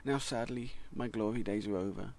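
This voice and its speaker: A man's voice: fairly low pitch, brisk, darkish tone, a little hiss or hum, lightly acted. Man doing a frail wheezing old language. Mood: wistful. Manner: weary, self-pitying, grandly nostalgic.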